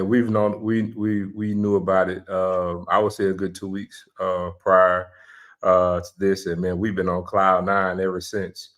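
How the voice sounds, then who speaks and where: Deep-voiced man speaking in a measured way. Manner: measured, with hesitant fillers. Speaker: guest, band member. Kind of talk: casual live chat.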